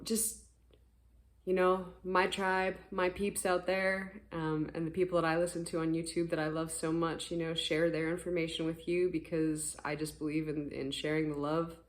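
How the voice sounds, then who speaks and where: An earnest, gentle voice of a spiritual vlogger, talking casually to the camera in the morning. The delivery is encouraging and meandering, and the voice is still a little rough from sleep. The pitch sits in a middle range. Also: flat delivery, normal speed.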